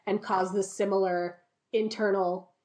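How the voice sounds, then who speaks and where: A woman's voice: medium pitch, little pitch movement, a little slow, a little mellow. Storytelling woman podcast host. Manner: storytelling, acts out quotes in voices. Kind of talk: casual chat.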